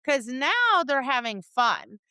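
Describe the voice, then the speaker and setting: A woman co-hosting a dog training podcast, chatting casually and acting out her students and dogs in lively voices. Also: high-pitched, slow pace, clean tone, no room sound. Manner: animated storyteller, acts out voices, laughs and swears. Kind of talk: casual chat.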